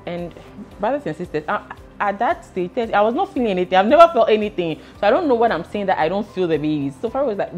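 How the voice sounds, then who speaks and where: A woman's voice: medium pitch, expressive, fast talker, soft background music. A young woman giving a chatty, emotional pregnancy update and mixing in pidgin phrases. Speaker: vlogger. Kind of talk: casual pregnancy update vlog.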